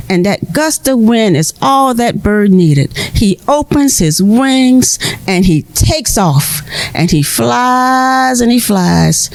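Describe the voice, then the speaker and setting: Expressive woman telling a folk tale. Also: medium pitch, gravelly. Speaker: storyteller. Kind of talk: told folk tale for children.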